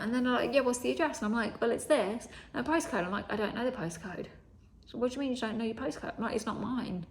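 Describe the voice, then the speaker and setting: Young woman, casual storytelling, swears, slips into whispers, mid-pitched voice, faint hiss behind. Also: darkish tone. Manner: chatty, swears, acts out quoted dialogue, often drops to a whisper. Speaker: vlogger.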